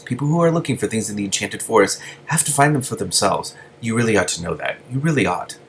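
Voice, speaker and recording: A man's voice: fairly low pitch, expressive, quick pace, a little hiss or hum. A man voicing a small, fussy male lizard who talks down to everyone in a prim, scolding way. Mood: condescending. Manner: prissy, scolding, easily flustered.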